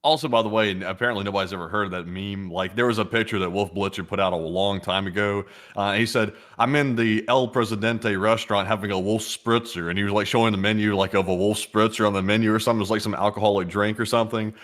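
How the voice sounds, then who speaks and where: Brief: male co-host with a lowish voice, reads super chats, rambly and chuckling. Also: steady tone, fast, hardly any pauses, fairly bright tone. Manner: rambling, reads viewer messages aloud, chuckles. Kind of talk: casual livestream chat.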